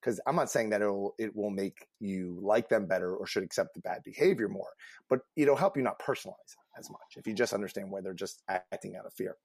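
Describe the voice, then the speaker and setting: A low-pitched man speaks earnestly as a career coach on a casual panel show. He grows emphatic and animated when he tells stories. The sound is dry and close, with no room around it. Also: brisk, slightly rough, dry recording.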